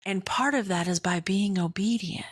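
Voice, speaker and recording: A woman podcast host telling a candid personal story, animated and blunt, with casual swearing and constant "right?" check-ins. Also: mid-range voice, normal speed, husky.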